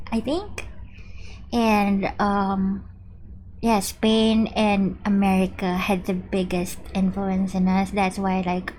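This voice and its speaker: A woman's voice: mid-range voice, a little mellow, a little hiss or hum. Chatty woman streaming a game. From Philippines. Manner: chatty, reads in-game text aloud. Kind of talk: live gameplay commentary.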